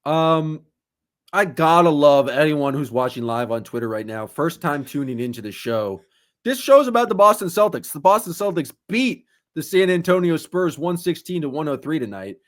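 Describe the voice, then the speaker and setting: Animated man ranting on a podcast. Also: on the high side, moderate pace. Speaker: podcast co-host. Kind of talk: casual podcast chat.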